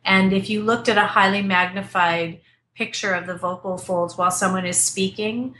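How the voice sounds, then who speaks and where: A woman vocal coach talks through technique in an animated, chatty way, often restarting her sentences. Her voice is bright and forward. A faint background hum sits under her speech, picked up by a desktop mic at some distance. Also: medium pitch, moderate pace. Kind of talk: remote interview, explaining technique. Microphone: desktop computer mic at a distance.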